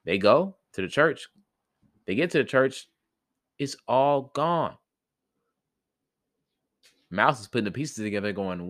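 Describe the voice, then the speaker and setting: A man's voice: medium pitch, animated, measured pace, long pauses, a bit bright, dry recording, clean studio sound. A man casually retelling a fairy tale for a podcast, rambling and slangy with many fillers. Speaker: podcast storyteller.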